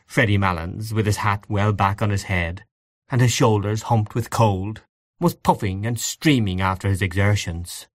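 A man narrating classic fiction in a measured, expressive audiobook reading. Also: fairly low pitch, no echo, studio quality.

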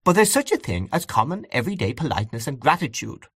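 Man voicing a fussy old aunt, fretful, raised lively voice, dry sound. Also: mid-range voice, fast, slightly rough, no echo, pitched above the performer's own voice. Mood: indignant.

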